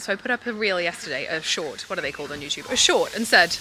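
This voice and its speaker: A woman in her thirties chatting casually to camera at home in a family vlog, reflective and talkative, with soft laughs. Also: fairly low pitch, animated, quick pace, slight background noise. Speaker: family vlogger.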